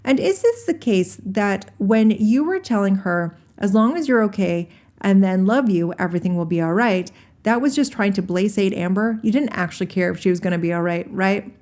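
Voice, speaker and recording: A woman reading a deposition transcript aloud, naming each speaker before their lines in a plain, measured way. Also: mid-range voice, animated, a little mellow. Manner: announces speaker names before each quoted answer. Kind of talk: solo reading of transcript, all parts.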